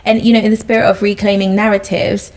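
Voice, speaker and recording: A woman co-hosting a podcast in an easy, casual discussion. She talks in an encouraging, reflective way, her voice sitting at an ordinary middle pitch. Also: level tone, fast talker, darkish tone. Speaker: podcast co-host.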